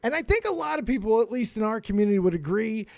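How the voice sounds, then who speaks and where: Loud teasing stream host guy, high voice that jumps around, dry close mic. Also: lively intonation, fast, gravelly, no echo. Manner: loud, teasing and swears a lot. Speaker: livestream host. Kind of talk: casual, profane stream chat.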